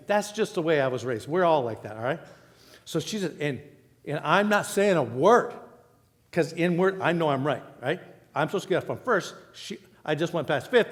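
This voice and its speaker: Man, pastor, higher voice, animated sermon storytelling, long hall reverb. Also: normal speed. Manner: storytelling, animated, quotes people in raised voice. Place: church auditorium.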